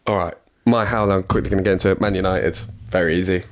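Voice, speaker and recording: A young Englishman with a very low voice co-hosts a casual football podcast. He sounds stuffed up and rambles along, mocking himself and apologising. His talk is loose and unscripted. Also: steady tone, fast talker. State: congested. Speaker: podcast co-host.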